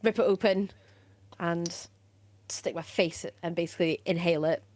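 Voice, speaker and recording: A woman's voice: on the low side, steady tone, moderate pace, a little mellow. A woman playing a tabletop role-playing game, playful and dramatic. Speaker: player.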